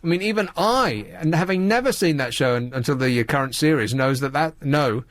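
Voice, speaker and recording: Rambling radio host with a lively voice. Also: male voice, mid-range voice, a little fast, no echo. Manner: wry, rambling, sardonic. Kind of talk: late-night radio monologue.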